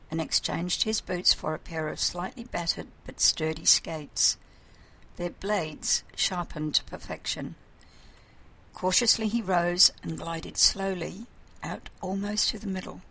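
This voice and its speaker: Narrator: woman, fairly low voice, calm measured storybook reading. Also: vocal fry, breathy edge, poor audio.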